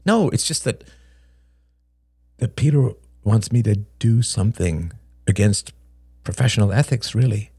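A man doing a jittery young adult son in a story reading, stammering and halting as he speaks. His pitch rises above the reader's deep natural voice and leaps around. The sound is dry and close. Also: lively intonation, dark tone, slightly rough, no echo, full character voice. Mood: nervous.

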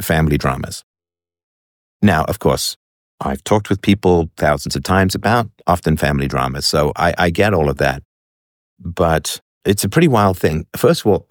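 Deep-voiced male commentator, conversational reaction talk, dry close recording. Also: dry recording. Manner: musing, conversational, with frequent fillers. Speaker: commentator reacting to online videos.

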